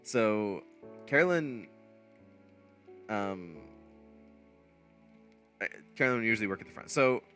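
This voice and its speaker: A man's voice: on the low side, animated, measured pace, pauses often, fairly bright tone, faint music behind. A man casually telling a long, rambling anecdote, full of fillers and restarts. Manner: rambling anecdote with many fillers and self-corrections, laughing at himself. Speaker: streamer. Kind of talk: casual storytelling.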